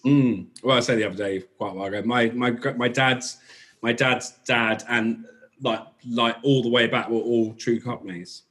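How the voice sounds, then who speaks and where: A man from England chats casually as a guest about his bakery. He rambles, stops and restarts, and fills the gaps with ums, at a middling pitch. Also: steady tone, normal speed, a bit bright. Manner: rambling, filler-heavy, self-correcting. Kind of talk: casual interview chat.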